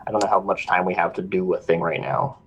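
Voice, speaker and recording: A man's voice: deep voice, steady tone, quick pace, breathy edge, poor audio. A man playing a tabletop game, talking hesitantly with many fillers. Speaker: player. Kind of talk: casual tabletop play.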